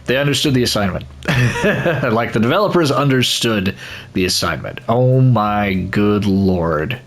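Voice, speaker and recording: A man's voice: on the low side, lively intonation, a little slow. Rambling man doing gameplay commentary. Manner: rambling, with many restarts and laughs. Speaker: gaming channel host. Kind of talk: let's play commentary.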